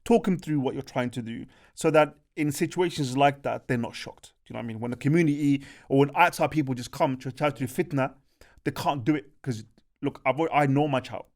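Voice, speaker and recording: A young man tells a story on a podcast. He talks in a lively, casual way, keeps checking that his listeners follow him, and his voice sits at a middle pitch for a man. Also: a little fast. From Birmingham, England. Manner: animated, chatty, peppers speech with "bro" and "do you know what I mean". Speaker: podcast co-host.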